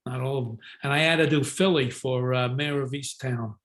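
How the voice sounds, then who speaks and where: A man's voice: medium pitch, fairly even intonation, normal speed, a bit bright. An older man, a guest actor, telling stories in a casual interview, rambling with many fillers and restarts. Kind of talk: casual interview talk, storytelling.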